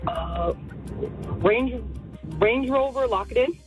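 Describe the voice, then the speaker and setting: A woman's voice: on the high side, expressive, slow pace, music in the background. A woman calling in to a radio quiz, hesitant and full of fillers. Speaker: caller, quiz contestant.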